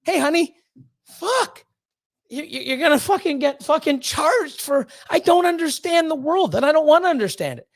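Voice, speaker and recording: A woman's voice: high-pitched, expressive, brisk, few pauses. A woman streamer ranting casually to her chat, swearing constantly and stumbling over her words as she gets worked up. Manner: swears constantly, stammers and restarts when worked up. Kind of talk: heated casual rant.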